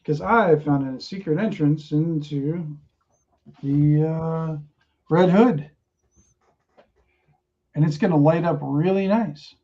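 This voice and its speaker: A woman's voice: deep voice, slow, long pauses, dark tone. A man voicing a cocky female thief. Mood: boastful. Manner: brash and teasing. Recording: dull lo-fi sound.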